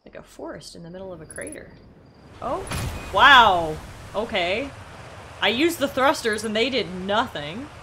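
A woman streaming a game and talking through it live, excitable, shrieking, laughing and swearing when things go wrong, and reading the on-screen text aloud. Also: medium pitch, a little slow, a little hiss or hum. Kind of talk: live gameplay commentary.

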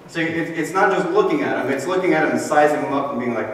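A man preaching a sermon in a relaxed, conversational way, explaining scripture and briefly acting out the people he quotes. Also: a little high, quick pace, few pauses. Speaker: pastor. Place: church sanctuary. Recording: roomy echo from a distant mic with faint noise.

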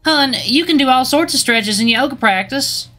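A man's voice: extremely high pitch, lively intonation, moderate pace, bright, forceful tone, soft background music, pitched above the performer's own voice, heavily acted. Man voicing a sugary, catty young woman. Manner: sugary, condescending. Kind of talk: video game dialogue read aloud.

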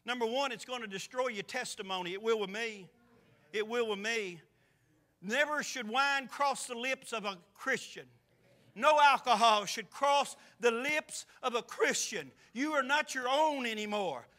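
A man's voice: very high voice, unhurried, pushed and bright. A man preaching a sermon as pastor, firing off rhetorical questions with impassioned force. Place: church sanctuary.

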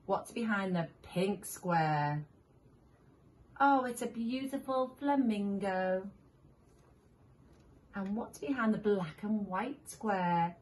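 A woman reading picture books aloud to young children, animated, making animal sounds and asking the listener questions. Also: mid-range voice, takes it slowly, long pauses. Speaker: children's story reader.

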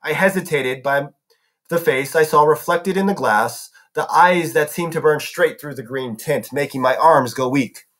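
A man's voice: on the high side, normal speed, a bit bright. A man reading a novel aloud as a narrator, now and then correcting himself. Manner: narrating with some self-corrections. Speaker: audiobook reader.

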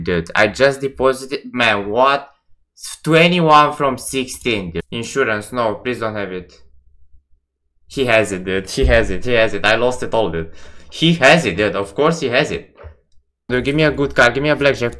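Male streamer, bright forward tone, swearing and exasperated live gambling commentary. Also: medium pitch, measured pace.

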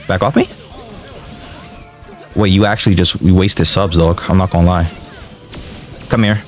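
A young man commenting on his own gameplay, excitable and slangy, often yelling and trash-talking the game as he plays. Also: lowish voice. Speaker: gaming streamer.

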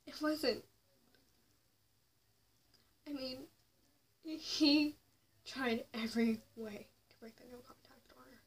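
A woman's voice: high-pitched, slow, pauses often. A young woman telling a personal story to camera, often dropping to a whisper and rising sharply in anger. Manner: confessional, swings between hushed whispers and raised anger. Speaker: vlogger. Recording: slightly distant mic with faint noise.

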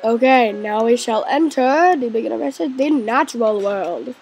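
A woman narrating her gameplay in a high, animated voice that swings widely in pitch. She talks at an easy, slow pace, cheers her character on and now and then slips into a whisper. Faint game music plays underneath. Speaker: let's play host. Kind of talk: gaming commentary.

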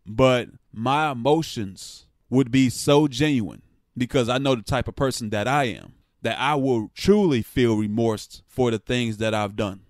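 A man's voice: medium pitch, no echo, clean studio sound. A man giving his blunt opinion on a sports story in a casual vlog, often swearing and pushing hard on his points. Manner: blunt and frank, with profanity; passionate, rising emphasis. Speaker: sports vlogger.

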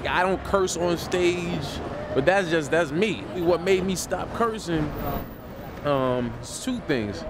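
A man's voice: on the high side, animated, slow, noisy background. A man speaking reflectively in an interview about his comedy career, recorded outdoors.

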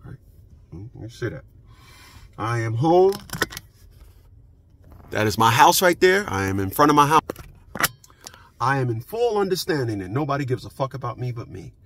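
A man's voice: medium pitch, very animated, moderate pace, long pauses, fairly bright tone, a little hiss or hum. A man ranting into his phone camera from his parked car, profane and emphatic, repeating his points. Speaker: vlogger. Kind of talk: unscripted ranting vlog.

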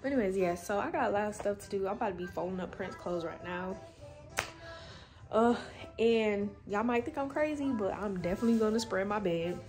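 A woman's voice: mid-range voice, fairly quick, over music. A young woman chatting casually to her viewers in a phone vlog from her bedroom, loose and slangy, swearing freely. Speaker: vlogger. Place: bedroom at home. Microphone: phone camera.

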